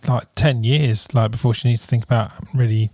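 A man's voice: mid-range voice, steady tone, a little fast, darkish tone, dry recording, clean studio sound. Musing male golf podcast co-host. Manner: loose, filler-heavy, musing. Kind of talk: casual golf podcast chat.

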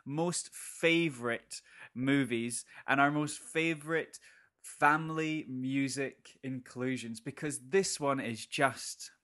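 A man co-hosting a podcast in casual chat, with a slight lisp from tooth pain and a habit of laughing and quick asides. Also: mid-range voice, a bit bright. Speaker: podcast co-host.

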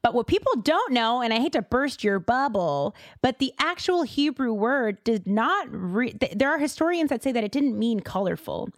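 A woman's voice: a little high, moderate pace, hardly any pauses, no echo. Host: chatty woman from Boston, casual podcast talk with a dry, close sound. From Boston, USA. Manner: chatty and animated, with lots of fillers and side remarks.

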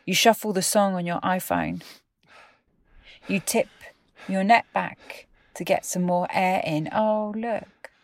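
Slow, measured woman poet hosting. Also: lowish voice, dry recording, clean studio sound. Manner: measured, lingering on words with soft drops in volume. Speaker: podcast host, poet and theatre maker. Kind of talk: spoken-word poetry narration.

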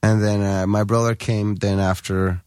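A man's voice: lowish voice, level tone, normal speed, darkish tone, clean tone, no echo, studio quality. A middle-aged man, a podcast guest chatting loosely with lots of fillers and swearing. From Colombia. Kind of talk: casual chat.

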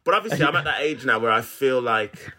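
A man's voice: mid-range voice, lively intonation, fairly quick, sharp tone. A man in his thirties co-hosting a comedy podcast, talking in a laid-back, rambling way with frequent laughter. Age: 30s. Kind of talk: casual chat.

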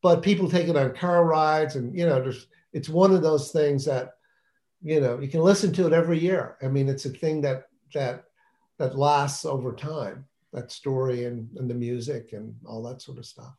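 A man with an ordinary, mid-range voice talks about his children's book in a relaxed interview. He is enthusiastic and rambles, often restarting his sentences mid-thought. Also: mid-range voice, moderate pace. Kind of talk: casual interview talk.

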